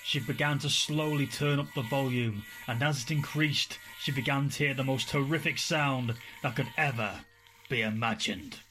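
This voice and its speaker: Male narrator, slow spooky storytelling delivery. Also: mid-range voice, pushed and bright, faint music behind, low-quality recording.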